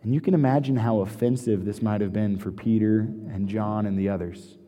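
A pastor delivering a sermon, moving between hushed scripture reading and lively storytelling. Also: male voice, lowish voice, moderate pace. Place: church sanctuary. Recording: long hall reverb.

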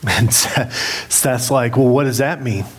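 A man's voice: medium pitch, slow, breathy edge. A middle-aged man preaching a sermon as pastor, candid and self-deprecating as he tells a story with humor. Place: church sanctuary.

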